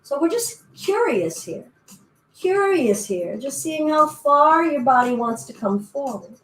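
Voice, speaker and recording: A woman's voice: high-pitched, big pitch swings, a little slow, a bit bright, slight background noise. Chatty woman leading a yoga class. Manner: playful, chatty, voices her body parts in little asides. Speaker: yoga teacher. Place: indoor room, virtual class. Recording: echoey room with faint music.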